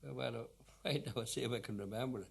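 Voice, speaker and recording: A man's voice: mid-range voice, fast, vocal fry, slightly rough. A man with a Dublin accent, chatting wryly with hesitant fillers between the ballads he sings. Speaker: singer. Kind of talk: spoken introductions between unaccompanied ballads. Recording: old archival record.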